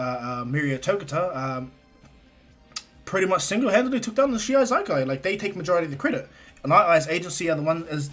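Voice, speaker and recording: A man casually retelling a fan story, rambling with lots of fillers and restarts. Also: a little high.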